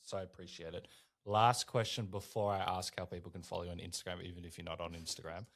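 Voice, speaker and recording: A man hosts a podcast, asking his questions and cheering on his guest's answers. His voice sits a little low, and he keeps the talk relaxed and friendly. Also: quick pace. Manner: relaxed, encouraging. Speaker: podcast host. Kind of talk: casual interview questions.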